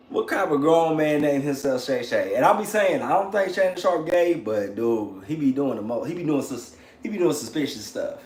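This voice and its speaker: A man hosting a livestream in casual chat, animated, slangy and profane, laughing often. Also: fairly high pitch, normal speed, few pauses, reverberant. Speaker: channel host on a livestream.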